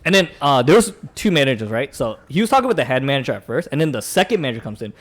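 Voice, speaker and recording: Lively, fast-talking young man telling a story. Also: mid-range voice. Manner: animated storyteller, acts out customers and managers, laughs often. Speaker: podcast co-host. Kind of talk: casual chat, telling a work story.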